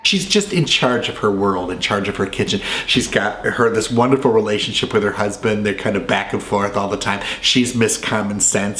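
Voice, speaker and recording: Brief: talkative male movie-review host, lowish voice, in a roomy echoing space. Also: a bit bright, slight background noise. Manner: chatty, enthusiastic, rambling asides. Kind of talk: casual film commentary. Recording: roomy echo, faint ambience.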